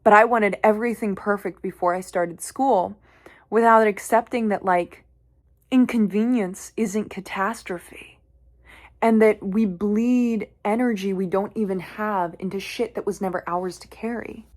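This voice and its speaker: A young woman speaks straight to camera in a candid, conversational monologue. Her voice sits in a middle register for a woman. She tells her story in an animated way and swears casually as she goes. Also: mid-range voice, unhurried. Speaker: vlogger.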